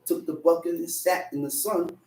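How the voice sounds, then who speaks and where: A man's voice: on the high side, fairly even intonation, moderate pace, creaky, a little mellow, faint music behind. A man preaching a sermon, telling a personal story and acting out the voices in it. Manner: storytelling, acts out voices in quotes. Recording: echoey room, mic at a distance.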